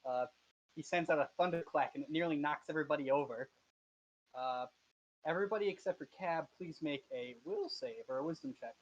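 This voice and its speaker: A man's voice: a little high, a little fast, muffled recording. Hesitant male game master. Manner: hesitant, many fillers and restarts. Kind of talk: narrating a tabletop game.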